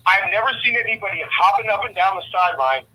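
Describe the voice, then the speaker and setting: A man's voice: sits high, lively intonation, fast, bright, forceful tone, husky, rough recording. A middle-aged man giving his opinions in a casual sports talk, often repeating words as he thinks. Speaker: guest sports commentator.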